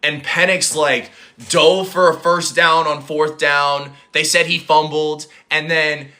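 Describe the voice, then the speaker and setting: A young man hosting a livestream, chatting casually and rambling as he answers chat comments, his voice a little hoarse. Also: fairly high pitch, flat delivery, slow pace, bright, forceful tone. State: hoarse, voice recovering. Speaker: livestream host.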